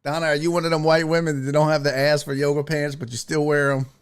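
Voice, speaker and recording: A man's voice: fairly high pitch, level tone, quick pace, clear, resonant tone. A man hosting a casual live-stream talk show, reading chat messages and riffing with profanity and laughter.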